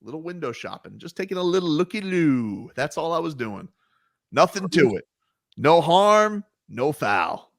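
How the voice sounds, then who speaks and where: A male sports radio host in loose, teasing banter, his voice bouncing up and down with a lot of life. He talks with a fairly high pitch. The sound is dry and close to the microphone. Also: sing-song, measured pace, creaky, no room sound. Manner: playful, teasing, puts on goofy voices. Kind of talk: casual sports talk.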